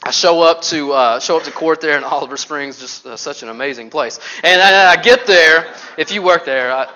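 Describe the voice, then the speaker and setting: A man preaching a sermon, telling stories with animated swings from loud to hushed. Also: on the high side, normal speed, muffled recording, a little hiss or hum. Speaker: pastor.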